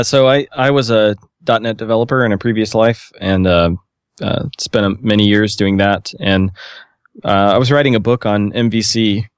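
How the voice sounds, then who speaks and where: A man's voice: low-pitched, smooth, dry recording, clean studio sound. A man chatting on a podcast panel, telling his story at an easygoing pace with plenty of filler words. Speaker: podcast panelist, software developer. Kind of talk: casual podcast chat.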